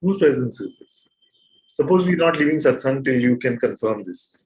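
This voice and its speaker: Gently probing male spiritual teacher. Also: medium pitch, lively intonation, normal speed, low-quality recording. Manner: probing, asks repeated questions; gentle and playful, with soft laughs. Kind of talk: satsang teaching to a live group.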